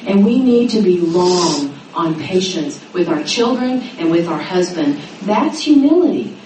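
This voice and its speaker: Woman, middle-aged, sermon to women, animated delivery, distant mic, faint background noise. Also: a little slow, roomy sound. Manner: animated, dramatizing quotes with rising pitch. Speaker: women's Bible teacher.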